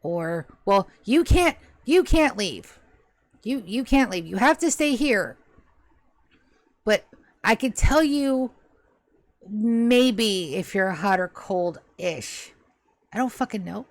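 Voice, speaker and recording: A flustered centuries-old ghost, put on by a woman running a tabletop game, who stammers, rambles and keeps correcting itself. The voice sits at an ordinary middle pitch and sounds close and dry, with no room around it. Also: animated, slow, long pauses, no echo. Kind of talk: tabletop game role-play.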